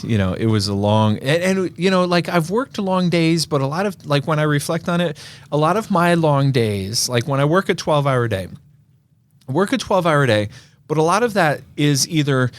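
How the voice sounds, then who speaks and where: A man co-hosting a film podcast in a relaxed, joking chat, with plenty of fillers and restarts. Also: fairly high pitch, moderate pace, dry recording. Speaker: podcast co-host. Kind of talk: casual chat.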